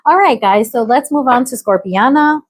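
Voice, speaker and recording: A woman's voice: high voice, lively intonation, moderate pace, a little hiss or hum. An American woman doing a casual, chatty tarot reading, musing aloud with fillers. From United States. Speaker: tarot reader.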